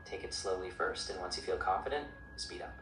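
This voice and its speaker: A synthetic male voice assistant coaching pronunciation in an upbeat, encouraging way with even-paced explanations. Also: low voice, fairly quick. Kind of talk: friendly coaching chat. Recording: roomy, distant speaker playback with clear noise.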